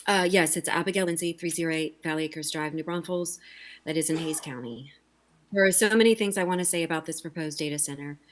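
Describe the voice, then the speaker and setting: A woman's voice: deep voice, quick pace. A woman calling in over a video call, reading an urgent, insistent prepared public comment to a city council. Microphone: remote video call.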